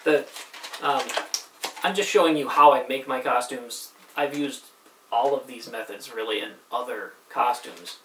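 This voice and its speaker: A man demonstrating how he builds a costume, talking casually and haltingly, breaking off mid-sentence as he works with his hands. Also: mid-range voice. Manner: halting, thinks aloud while working with hands. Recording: roomy, distant, loud background noise.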